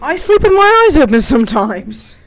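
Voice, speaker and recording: A woman's voice: high voice, sing-song, normal speed, low-quality recording. A woman reading the part of a lovesick, sulky young man in a fan story, in a half-joking reading voice.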